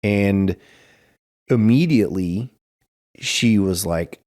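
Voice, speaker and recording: A man's voice: moderate pace, a little mellow. A man who runs a martial arts school, talking casually in a podcast interview and telling stories with plenty of "you know" fillers. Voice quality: gravelly, creaky low voice.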